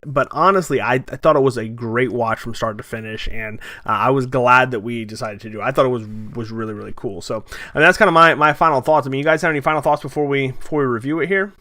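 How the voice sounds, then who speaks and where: A man hosting a casual movie review podcast, talking in a halting way with many restarts and fillers. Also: mid-range voice, sharp tone, no echo, studio quality. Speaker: podcast host.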